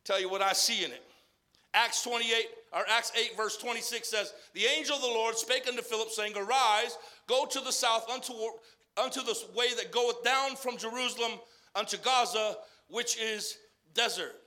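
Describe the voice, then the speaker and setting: A man from Arizona preaching a folksy sermon, repeating himself as he builds to loud exhortation and then drops quiet. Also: very high-pitched, normal speed.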